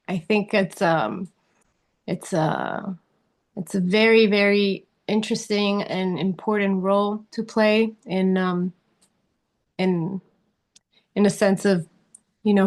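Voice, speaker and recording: Halting, earnest woman actress interviewed. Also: mid-range voice, vocal fry. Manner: halting, searching for words, laughs easily; earnest, speaks of passion and spirituality. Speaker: actress guest. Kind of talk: interview answers.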